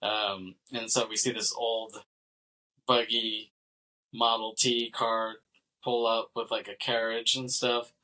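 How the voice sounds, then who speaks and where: A man's voice: fairly low pitch, level tone, bright, forceful tone, rough recording. Rambling laughing man on a podcast. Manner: rambling, laughing, recounting scenes with quick quoted lines. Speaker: podcast co-host. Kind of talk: casual film discussion.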